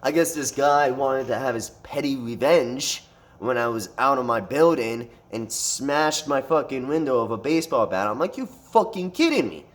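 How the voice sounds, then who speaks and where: A man narrates a fight in a casual storytime monologue, mid-range in voice and moderate in pace. The telling is animated and profane, with swearing in almost every line and frequent restarts and fillers as he circles back.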